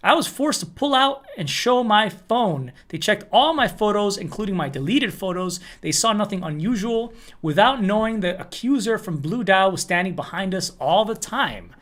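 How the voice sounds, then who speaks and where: A man's voice: high-pitched, a bit bright. A man hosting a crypto news show, reading a first-person account aloud and then commenting loosely with fillers and restarts.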